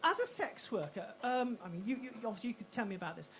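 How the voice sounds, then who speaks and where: A woman performing a stand-up routine on a comedy club stage, with punchy, self-interrupting delivery and quick asides. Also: medium pitch, big pitch swings, very noisy.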